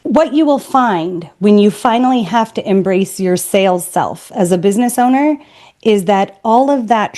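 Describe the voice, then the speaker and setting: A woman's voice: medium pitch, dark tone. Woman guest on a podcast, punchy and direct, pushes her points hard. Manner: emphatic, blunt, spirited. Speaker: guest, sales trainer. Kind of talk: podcast interview.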